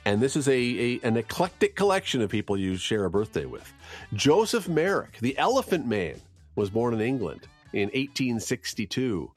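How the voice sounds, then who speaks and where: Lively chatty male radio host. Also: medium pitch, normal speed, soft background music. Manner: lively, chatty, jokes aside. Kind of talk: morning radio news and chat.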